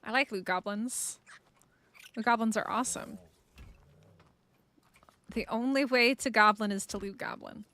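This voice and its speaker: A woman's voice: a little high, unhurried, long pauses, sharp tone. A woman streaming a survival game, chatting playfully with her viewers and laughing often. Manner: playful, giggly, chats with viewers. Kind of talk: casual live-stream chat.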